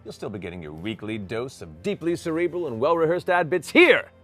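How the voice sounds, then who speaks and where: A man's voice: on the high side, sing-song, brisk, fairly bright tone, dry recording, faint music behind. A man hosting a show's announcements in a playful, showman-like way. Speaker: host. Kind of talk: comedic show announcements.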